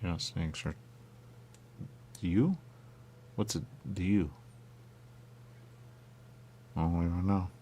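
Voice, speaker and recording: A man's voice: slow, pauses often, warm tone, slight background noise. A man in absurd comedic banter, arguing in goofy circles. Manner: goofy, circular arguing with big pitch jumps.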